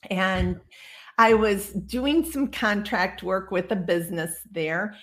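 A woman in her sixties from Iowa, a guest on a video call, telling her story in a lively, casual way and acting out the people she quotes. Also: mid-range voice, slow. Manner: lively storyteller who acts out quoted dialogue. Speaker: guest psychic medium.

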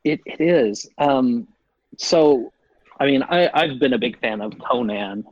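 An excitable man rambles through a podcast chat in a husky voice. The sound is dry and a bit dull, as if through a modest mic. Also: mid-range voice, slow, dry recording. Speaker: podcast co-host. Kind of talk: casual chat.

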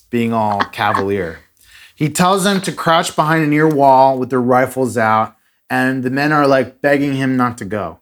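A man hosting a podcast, casually retelling a strange story with dramatic pauses and a few fillers. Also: medium pitch, animated. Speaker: podcast host.

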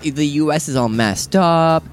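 A man's voice: fairly high pitch, a little slow. Rambling man chatting about games. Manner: rambling, animated, acts out his own reactions in quotes. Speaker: podcast co-host. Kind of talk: casual chat about video games.

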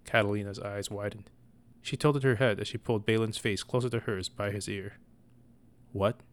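Male storyteller, fairly low pitch, calm scripted narration. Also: a little fast.

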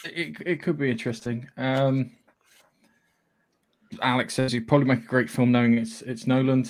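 A man's voice: medium pitch, steady tone, normal speed. Chatty man hosting a podcast. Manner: chatty, rambling with many restarts. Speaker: podcast host. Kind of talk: casual film chat.

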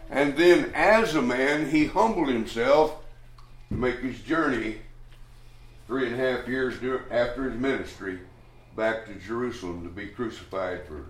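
Preaching in a church hall, a man of medium pitch takes his time working through scripture, folksy and rambling, restarting often and chuckling. Room echo rings around his voice, which sounds distant from the mic, and a little hiss or hum sits in the background.

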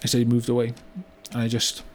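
An actor playing a remorseful older British business owner in a comedy monologue, with a rambling delivery full of "you know" and "right?". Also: male voice, medium pitch, monotone, fast talker, a little hiss or hum, close to an everyday voice. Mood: rueful. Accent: British English. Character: remorseful older male car yard owner, blunt. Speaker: business owner telling a story. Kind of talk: mock-documentary comedy monologue.

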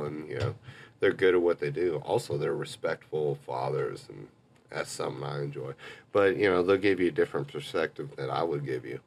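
A man's voice: a bass voice, creaky, slightly rough. A young man, a bar manager, chatting casually as a podcast guest in a rambling, laid-back way and swearing freely.

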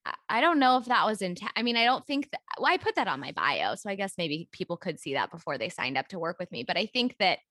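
A woman's voice: on the low side, big pitch swings, fast, a bit bright, no room sound, clean studio sound. A woman co-hosting a casual podcast, speaking in a supportive, thoughtful, agreeable way. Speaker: podcast co-host and life coach. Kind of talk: casual chat.

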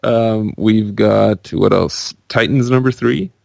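A man's voice: fairly low pitch, slow pace, gravelly, darkish tone, dry recording, clean studio sound. A man co-hosting a podcast, chatting casually in a laid-back way with brief replies. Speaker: podcast co-host.

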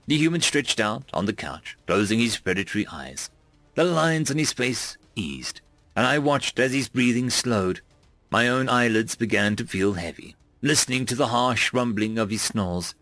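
A man narrating first-person fiction in an expressive reading voice. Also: medium pitch, moderate pace, no echo, faint music behind. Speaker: audiobook narrator.

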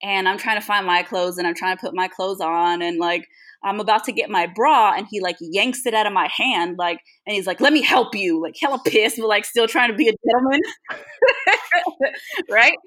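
A woman's voice: mid-range voice, normal speed, a bit bright. A woman co-hosting a podcast, telling a personal story in casual, profane chat. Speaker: podcast co-host.

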